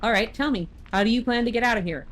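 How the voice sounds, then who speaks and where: A woman's voice: on the high side, fast talker, a bit bright, a little hiss or hum, lightly acted. A woman reading a cocky young thief, teasing and laid-back. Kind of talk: reading game dialogue aloud.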